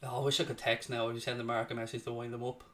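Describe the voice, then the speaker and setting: A man's voice: mid-range voice, level tone, very fast, fairly bright tone, far from the mic. A man hosting a live football watchalong, swearing, cheering his team on and winding up rival fans. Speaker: host of a football fan watchalong. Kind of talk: live reactive match commentary, casual banter.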